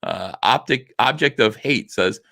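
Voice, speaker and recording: A man's voice: mid-range voice, expressive, unhurried, vocal fry, sharp tone, no echo, studio quality. A man hosting a casual livestream, reading viewer comments aloud and answering them with frequent "uh" fillers. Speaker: livestream host reading chat.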